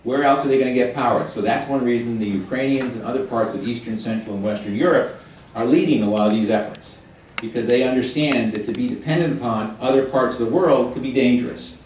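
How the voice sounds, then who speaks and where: An older man giving a guest lecture to high school students, chatty and joking as he quizzes the room. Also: fast, a little mellow, a little hiss or hum. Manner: chatty, jokey, quizzes the audience. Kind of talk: classroom lecture with questions to students. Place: high school hall or classroom. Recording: echoey room, mic at a distance.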